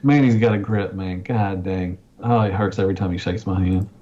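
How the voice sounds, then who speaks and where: A man co-hosting a podcast in casual banter, animated and playfully defensive with his friends. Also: low-pitched, brisk, lo-fi sound. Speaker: podcast co-host.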